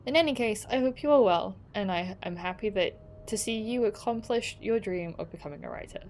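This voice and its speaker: A woman streaming a game, reading its letters aloud and breaking off for quick asides and laughs. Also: mid-range voice, animated, darkish tone, slight background noise.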